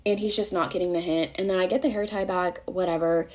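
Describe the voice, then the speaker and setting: Fast-talking exasperated young woman. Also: fairly low pitch, fairly even intonation. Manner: chatty, exasperated, swears freely, heavy use of "like". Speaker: storyteller. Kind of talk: casual storytime monologue.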